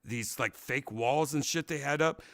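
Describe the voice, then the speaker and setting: A man hosting a casual talk show, rambling through a story and loudly acting out what people said. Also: mid-range voice, moderate pace, vocal fry, no room sound, studio quality. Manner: rambling, animated, acts out quotes loudly. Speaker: podcast host.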